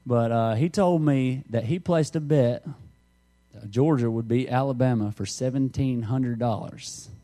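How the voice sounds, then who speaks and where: A man's voice: mid-range voice, unhurried, warm tone. A middle-aged man, preaching a conversational sermon through folksy stories and jokes. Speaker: pastor.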